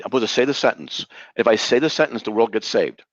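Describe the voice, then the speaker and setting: Incredulous, animated man in a heated debate. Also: medium pitch, quick pace, no room sound. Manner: incredulous, interrupting, sarcastic questions. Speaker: debater defending a belief. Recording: dull, dry lo-fi sound.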